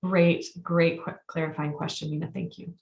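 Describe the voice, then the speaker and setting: A woman facilitator leading a group through a guided release exercise, speaking calmly and repeating her prompts with pauses. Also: deep voice, muffled recording, a little hiss or hum. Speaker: workshop facilitator and coach. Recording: echoey room sound.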